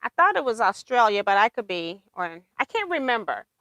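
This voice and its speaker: High bright voiced woman hosting a quilting livestream, reads comments, laughs a lot, dry close sound. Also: sing-song, a little fast, no room sound, highs cut off. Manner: chatty, laughs often. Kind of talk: casual livestream chat, reading comments aloud.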